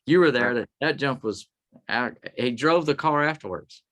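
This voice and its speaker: A man's voice: mid-range voice, normal speed, a bit bright. A man, a guest telling rambling stories in a casual interview, often acting out what others said. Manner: rambling anecdotes with quoted voices. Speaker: guest, tribute performer.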